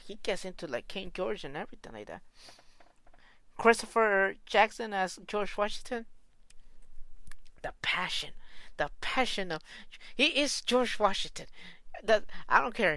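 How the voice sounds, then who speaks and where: A woman talking in a casual reaction vlog, excitable and gushing, with slangy phrasing and frequent restarts. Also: fairly low pitch, smooth, no room sound. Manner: slangy, informal.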